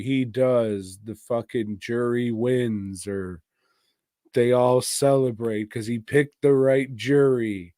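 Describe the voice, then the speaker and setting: A man talks slowly and loosely in a casual podcast chat, recapping a film with crude humor and bursts of laughter. His voice sits at an ordinary middle pitch. The sound is dry and close, with no room around it. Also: steady tone, dark tone, dry recording. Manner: rambling, crude, laughing, mimics film characters. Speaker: podcast co-host. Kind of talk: casual movie review chat.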